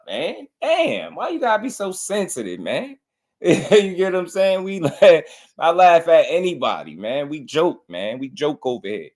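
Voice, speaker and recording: A young man hosting a casual boxing commentary livestream, talking in slangy, laid-back banter, laughing often and giving shout-outs to chat. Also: medium pitch. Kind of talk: casual live-stream commentary.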